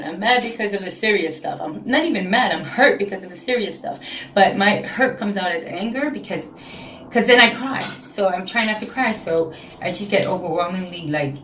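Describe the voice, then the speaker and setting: A woman's voice: mid-range voice, a bit bright, a little hiss or hum. Woman, late 30s, New York accent, emotional confessional vlogger, echoey room. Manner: frank, emotional, talks in repeated phrases. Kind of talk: casual confessional vlog. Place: home, indoors.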